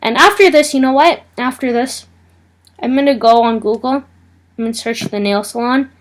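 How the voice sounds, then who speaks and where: A woman's voice: a little high, moderate pace. Agitated young woman ranting in a vlog. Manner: agitated, indignant storytelling. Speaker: vlogger. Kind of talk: casual vlog rant.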